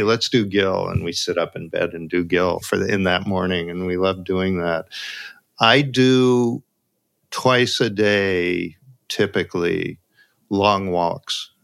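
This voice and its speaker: A man, an author guest on a podcast, speaking casually and haltingly, restarting his sentences. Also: deep voice, vocal fry, fairly bright tone. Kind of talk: casual conversation.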